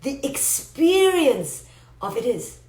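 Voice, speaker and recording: A woman psychologist giving a playful, animated live talk to viewers and answering their comments. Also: high-pitched, slow. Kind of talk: live-stream motivational teaching. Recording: roomy echo.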